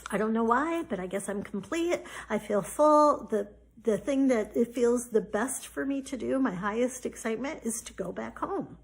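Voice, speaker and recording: Woman podcast host, somewhat high voice, casual spiritual storytelling, chatty, lots of fillers. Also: moderate pace, vocal fry, few pauses, husky. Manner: chatty, many fillers, animated when retelling.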